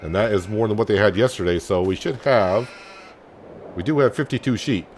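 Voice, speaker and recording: Male gaming host, lowish voice, easygoing let's-play commentary, faint game noise behind. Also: brisk. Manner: relaxed, thinking aloud with many fillers.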